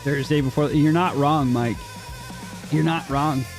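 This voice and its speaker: A man with a slightly high voice and a steady tone streams a strategy game at a measured pace, with faint music in the background. He chats casually and answers his chat, often repeating words as he goes, in laid-back gaming commentary.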